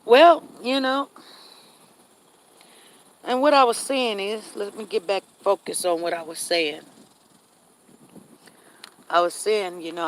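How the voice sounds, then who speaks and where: Walking through a neighborhood on a live stream, a woman with a low-leaning voice talks casually and candidly. She tends to repeat herself and reads viewers' chat comments aloud, with slight noise in the background.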